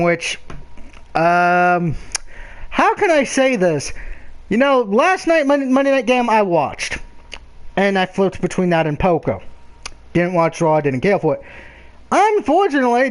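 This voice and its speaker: A man with a very high voice hosts a casual football talk show. He rants bluntly and swears freely, pushing his picks with animated conviction. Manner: blunt, profane, animated ranting. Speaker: sports picks podcast host. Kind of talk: casual sports chat.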